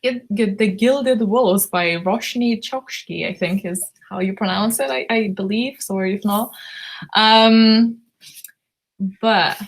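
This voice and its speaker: A hoarse woman from Lithuania hosts a book club live stream, her voice worn thin. She talks at an unhurried pace in middle pitch, rambling and giggling as she greets viewers one by one. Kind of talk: live-stream chat, reading viewer comments.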